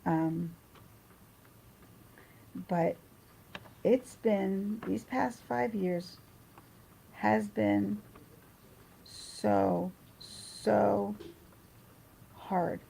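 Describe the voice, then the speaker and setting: A woman's voice: mid-range voice, very slow, gravelly, long pauses, warm tone, a little hiss or hum, rough recording. A woman chatting casually on a livestream, reading her chat and rambling through personal stories with restarts.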